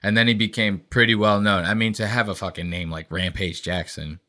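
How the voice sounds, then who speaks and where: Young male podcast co-host, bright voice, casual profane rambler. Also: lowish voice, a little fast. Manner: profane, rambling storytelling with animated impressions.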